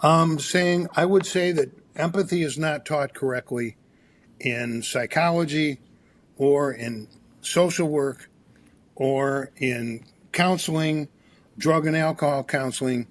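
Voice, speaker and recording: Man, podcast guest, higher-pitched voice, animated anecdotal storyteller who restarts his sentences often. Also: takes it slowly, a little hiss or hum. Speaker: psychologist and author, guest.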